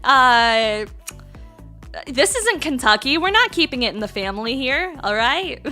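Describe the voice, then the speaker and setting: A woman's voice: high-pitched, expressive, unhurried, bright, forceful tone, soft background music. A young woman from Canada chatting on a casual livestream, giggling often and greeting her chat by name.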